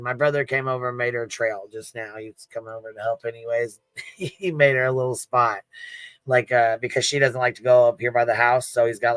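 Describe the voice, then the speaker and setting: A man's voice: mid-range voice, a bit bright, smooth, no room sound. A man hosting a casual livestream, laughing often and swearing freely as he reads chat. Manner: profane, laughing, banter with chat. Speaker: livestream host.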